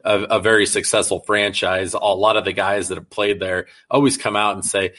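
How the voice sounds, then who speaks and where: A man's voice: fairly low pitch, little pitch movement, fairly quick, few pauses, a bit bright. A man hosting a casual interview, enthusiastic and slangy as he reacts to his guest. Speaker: podcast host.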